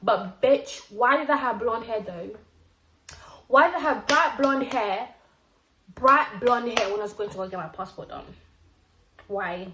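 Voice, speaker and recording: A woman's voice: fairly high pitch, a little hiss or hum. Slangy young woman. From Zimbabwe. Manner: animated, slangy storytelling with acted-out quotes. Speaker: vlogger. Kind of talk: casual storytime vlog. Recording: roomy echo.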